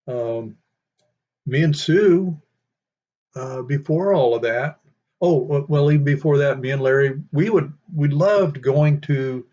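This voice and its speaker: Slow, rambling older man reminiscing. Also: medium pitch, darkish tone. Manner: rambling, with many fillers. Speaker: storyteller. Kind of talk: casual reminiscing. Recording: dull lo-fi sound.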